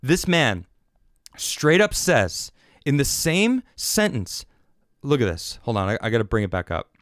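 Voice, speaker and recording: A man in the middle of a fed-up rant on his own podcast, often stumbling and restarting. His pitch leaps up and drops away. The sound is dry and close, with no room around it. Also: measured pace, dry recording. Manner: animated, exasperated, restarts often. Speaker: podcast host. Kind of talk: ranting political commentary.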